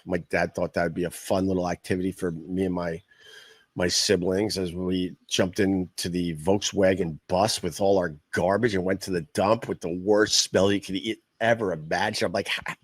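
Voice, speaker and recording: A middle-aged man from Long Island hosts a livestream, rambling bluntly and swearing freely in a deep, low voice. The sound is dry and close, with no room around it. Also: slightly rough, no echo. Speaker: podcast host. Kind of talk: casual livestream chat.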